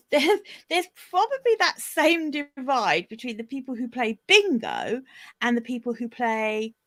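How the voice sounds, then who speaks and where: A woman's voice: fairly high pitch, unhurried. A British woman chatting playfully as a guest in a casual conversation. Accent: British English. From England. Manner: lively, playful. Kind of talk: casual chat.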